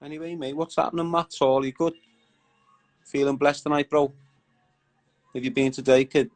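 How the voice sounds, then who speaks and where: A man's voice: on the high side, steady tone, moderate pace, soft background music, poor audio. A young man hosting a casual live stream, bantering with viewers in a slangy, chatty way. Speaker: livestream host.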